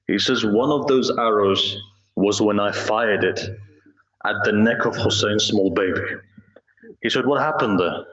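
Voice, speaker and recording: A man reciting a slow, grieving Muharram sermon in a mosque, telling a story with quoted speech. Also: on the low side, fairly bright tone. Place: mosque hall. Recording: roomy, dull hall recording.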